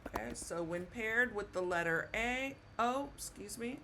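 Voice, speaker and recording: A woman teaching Spanish pronunciation in a slow, patient classroom manner, repeating words and checking in with "okay?". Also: medium pitch, animated, pushed and bright, a little hiss or hum.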